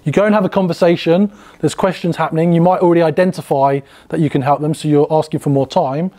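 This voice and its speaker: A man's voice: a little high, fairly even intonation, fast talker, mellow. A man running a sales workshop, chatty and full of fillers and restarts as he explains. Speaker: sales trainer. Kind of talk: casual workshop teaching.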